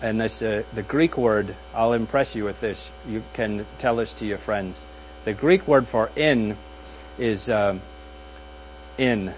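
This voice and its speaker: Pastor, man, wry conversational sermon delivery, muffled take with light hum. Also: lowish voice. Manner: conversational and wry, with dry jokes and pauses. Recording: dull audio with faint mains hum.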